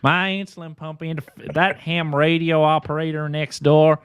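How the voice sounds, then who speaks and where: A man's voice: a little high, fairly even intonation, moderate pace, a bit bright, clean tone, no room sound, voice pushed up, natural voice. An Australian man voicing a whiny, melodramatic man who complains about his insulin pump. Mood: whining.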